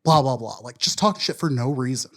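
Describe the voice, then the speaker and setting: A man's voice: medium pitch, animated, fast, fairly bright tone. A man from Wisconsin, co-hosting a podcast, telling a long story in a loose, profane, self-deprecating way. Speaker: podcast co-host. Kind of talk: casual storytelling chat.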